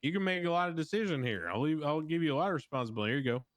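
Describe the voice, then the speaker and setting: A man's voice: fairly high pitch, animated, racing, no room sound. Guy doing a judge bit in roleplay, stern and poking with questions, dry close mic. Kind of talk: in-character roleplay banter.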